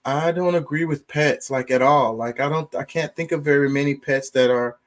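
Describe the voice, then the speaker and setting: A man's voice: a little high, normal speed. Laid-back man rambling casually. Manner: rambling, profane, laid-back, lots of fillers. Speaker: streamer. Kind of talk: casual opinion talk.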